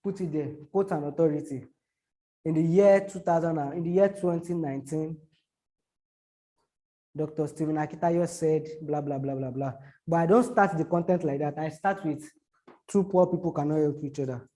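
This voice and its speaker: Halting man teaching. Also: fairly high pitch, steady tone, mellow. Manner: repetitive, halting, gives spoken examples. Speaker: social media marketing teacher. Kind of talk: explaining to a small audience.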